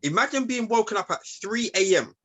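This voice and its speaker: A man tells a long story on a casual podcast, repeating himself to build it up. His voice is bright and pushed forward, pitched a little high. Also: expressive, fairly quick, breathy edge. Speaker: podcast co-host. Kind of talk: casual chat.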